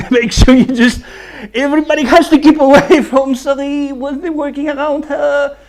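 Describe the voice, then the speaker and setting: High-voiced builder laughing at his jokes. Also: steady tone, unhurried, a little mellow. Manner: chatty, keeps laughing at his own jokes. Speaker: licensed builder. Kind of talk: casual chat reacting to clips. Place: building site.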